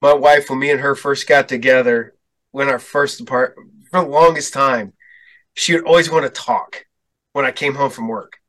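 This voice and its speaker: A middle-aged man hosting a casual chat show, telling relaxed stories with easy laughs and free swearing. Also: medium pitch, moderate pace, low-quality recording. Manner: laid-back, chuckling storyteller, swears freely. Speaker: podcast host.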